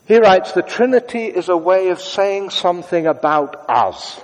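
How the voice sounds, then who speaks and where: Man, preacher, conversational sermon, hushed prayerful asides, slightly high voice, long church reverb. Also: animated. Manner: conversational, shifts between brisk asides and hushed prayerful tones.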